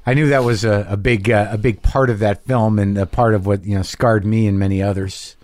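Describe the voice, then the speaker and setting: A man's voice: fairly low pitch, fairly even intonation, brisk, darkish tone. A middle-aged man hosting a podcast, chatting loosely with lots of fillers and swearing. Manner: loose, profane, rambling with fillers. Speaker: podcast host. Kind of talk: casual podcast chat and ad read.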